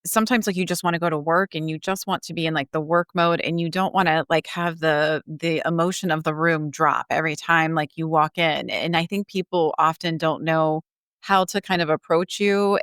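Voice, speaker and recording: A woman's voice: low voice, fairly bright tone, clear, resonant tone, no echo, clean studio sound. A woman hosting a podcast, talking casually and chattily with frequent fillers. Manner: chatty, lots of "like" and "you know". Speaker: podcast host.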